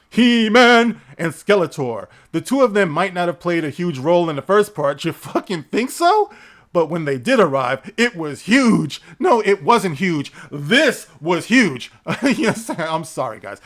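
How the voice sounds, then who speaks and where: A man giving ranting, profane commentary, sarcastic and quick to laugh. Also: sits high, fairly bright tone. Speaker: entertainment news vlogger.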